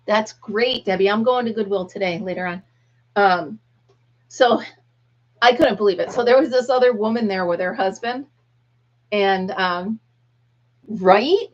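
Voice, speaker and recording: A woman's voice: mid-range voice, a little slow, long pauses, highs cut off. Chatty woman telling a story on a live stream. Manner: chatty storyteller, acts out quotes. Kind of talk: casual chat with viewers.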